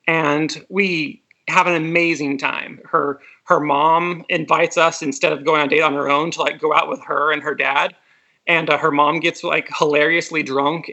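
A man's voice: on the high side, gravelly, bright, forceful tone, rough recording. A man in his thirties from Texas, telling a personal story hesitantly as an interview guest. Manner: hesitant, with many fillers and restarts. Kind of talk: casual storytelling.

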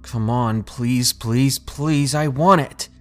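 A man's voice: medium pitch, takes it slowly, faint music behind, natural voice. A man voicing a creepy strange woman who hisses and begs in a childlike whine, in a spoken scary story. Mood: pleading. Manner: begging, hissing, childlike whine.

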